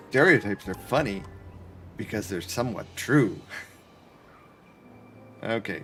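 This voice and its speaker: A man's voice: low voice, a bit bright. Chatty man streaming a game. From Canada. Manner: chatty, joking, talks to chat while playing. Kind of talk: casual gaming livestream commentary. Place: his apartment.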